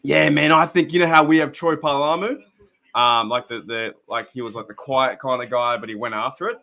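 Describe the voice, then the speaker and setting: He speaks a little fast in a medium-pitched voice with a sharp tone: a young Australian man hosting a casual fan live stream. Rambling and chatty, he talks with viewers, comments on a game, laughs often and greets people by name.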